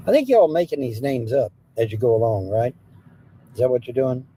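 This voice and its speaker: A man's voice: medium pitch, very animated, a little fast, dark tone, slight background noise, low-quality recording. A man hosting a livestream, joking playfully with his viewers and drifting into bits of song. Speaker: livestream host and singer. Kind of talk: casual chat with live viewers.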